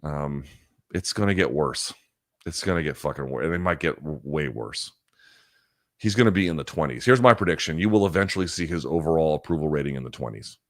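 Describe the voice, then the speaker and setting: Low-voiced profane livestream host. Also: male voice, expressive, fairly quick, no echo, studio quality. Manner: profane, heated rants with frequent filler and restarts. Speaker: live chat show host. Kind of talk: casual livestream chat answering viewer questions.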